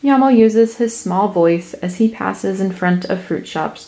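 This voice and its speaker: A woman narrating a children's picture book. She reads in a soft, slow, deliberate way, clearly setting out each scene. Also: on the low side. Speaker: storyteller. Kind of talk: picture-book read-aloud.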